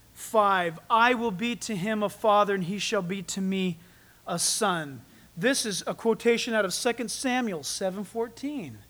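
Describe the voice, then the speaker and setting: A pastor with a high voice preaches a sermon, building to loud, emphatic peaks. Then he drops down to quiet, close asides aimed at the congregation.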